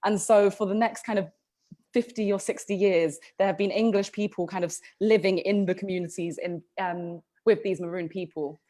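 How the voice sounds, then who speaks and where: Brief: woman podcast co-host, mid-pitched, chatty storyteller with ums and restarts. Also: fairly even intonation, normal speed, dark tone. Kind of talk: casual history podcast storytelling.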